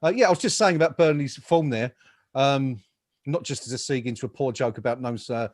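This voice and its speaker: A man's voice: medium pitch, brisk, no room sound, clean studio sound. A man hosting a casual football chat over a remote call, rambling with fillers and jokes. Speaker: podcast host. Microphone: home mic, remote call.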